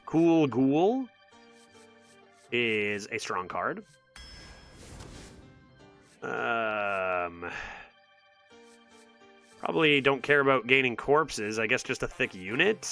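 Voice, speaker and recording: A man's voice: mid-range voice, lively intonation, takes it slowly, long pauses, pushed and bright, soft background music. A man streaming a card game, exasperated and sarcastic as he thinks aloud and talks to his chat. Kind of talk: live gameplay commentary to chat.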